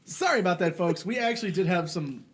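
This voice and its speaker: A man's voice: high voice, expressive, quick pace. A young man hosting a casual podcast, telling stories with profanity and frequent laughter. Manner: storytelling, profane, laughs often. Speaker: podcast host. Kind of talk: casual comedic chat. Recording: faint background noise.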